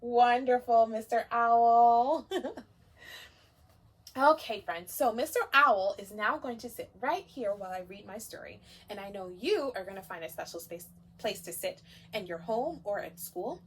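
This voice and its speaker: A woman teacher leads story time for small children with gentle encouragement. Her voice sits high and swings widely in pitch as she coaxes the kids along. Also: expressive, measured pace, slightly rough.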